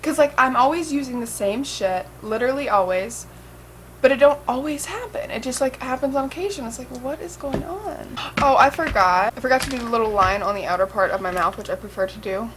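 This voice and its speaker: A woman's voice: on the high side, expressive, fairly quick, a bit bright, slight background noise, rough recording. Casual young woman doing a makeup tutorial. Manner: casual, swears, lots of "like" and "um". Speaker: makeup vlogger.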